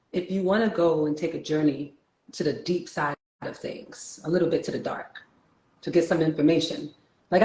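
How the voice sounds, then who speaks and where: A woman's voice: sits low, darkish tone, echoey room, rough recording. A woman from New York with a New York accent hosting a casual spiritual talk, playful, laughing often and turning reflective.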